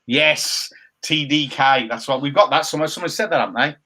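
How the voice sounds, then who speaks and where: A man with a slightly raised pitch, talking casually on a chat show. He teases his co-host in playful banter and rambles through half-remembered details. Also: a little fast, bright, forceful tone. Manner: jokey banter, playful mocking impressions. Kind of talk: casual chat with live viewers.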